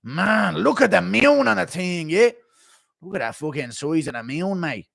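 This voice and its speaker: A man putting on a put-on to play a cocky, brash male fighter who shouts and swears. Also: high-pitched, animated, moderate pace, creaky, voice pushed up, heavily acted. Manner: shouty, swaggering, profane.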